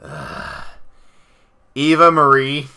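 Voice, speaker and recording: A man co-hosting a casual podcast chat, rambling excitably with frequent asides. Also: fairly high pitch, extremely slow, clear, resonant tone. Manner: rambling, excitable, slips into goofy impressions. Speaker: podcast co-host.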